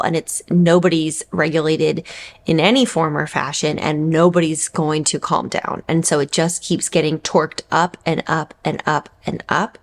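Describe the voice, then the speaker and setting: A woman's voice: low-pitched, gravelly. A woman in her thirties, a mother vlogging, telling a personal story in a candid, reflective, conversational way.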